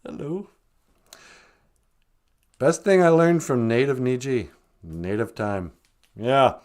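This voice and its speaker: A man's voice: mid-range voice, big pitch swings, unhurried, clean tone. A man co-hosting a podcast in casual chat, joking and slipping into put-on voices. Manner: jokey, breaks into put-on voices. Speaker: podcast co-host.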